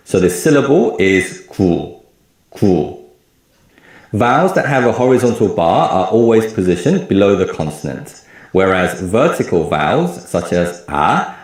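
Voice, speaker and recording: A man teaching a recorded lecture, explaining clearly and repeating example words slowly. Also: low-pitched, a little mellow, heavy reverb. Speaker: language teacher.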